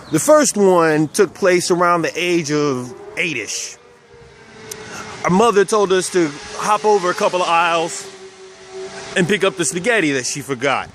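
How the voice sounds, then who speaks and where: A man's voice: high voice, fairly bright tone, a little hiss or hum. A man from South Texas casually telling personal stories, speaking of himself as "we" and chuckling now and then. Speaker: vlogger.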